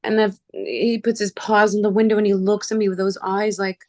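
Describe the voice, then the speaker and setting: A woman from Canada hosting a casual chat, telling personal stories in an animated way and acting out the voices of people she quotes. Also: mid-range voice, fairly quick, dry recording, studio quality. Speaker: show host.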